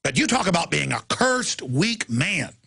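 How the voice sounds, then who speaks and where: A man hosting a talk show launches into a heated, emphatic rant. His voice is gravelly and raspy, with a tense, sharp edge. It sits a little higher than most men's. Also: sing-song, a little slow. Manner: angry, ranting, heated and emphatic. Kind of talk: impassioned talk radio rant.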